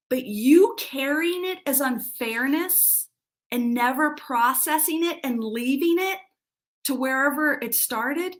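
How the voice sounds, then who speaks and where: A woman in middle age speaks in an earnest, self-deprecating way on a live coaching stream, breaking off and restarting her sentences as she goes. Her voice sits slightly high for a woman. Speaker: life coach.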